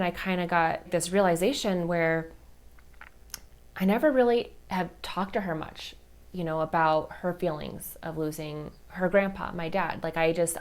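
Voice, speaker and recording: Woman in her 30s, podcast host, slightly low voice, candid and heartfelt, loose chatty delivery. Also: darkish tone. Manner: candid, heartfelt, many fillers like "like" and "you know". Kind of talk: personal storytelling podcast.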